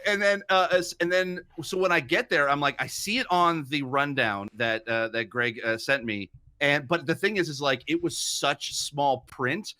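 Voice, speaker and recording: A young man from Canada telling an animated story in a casual group chat, acting out quotes. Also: fairly high pitch, normal speed, few pauses, no room sound. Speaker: panelist.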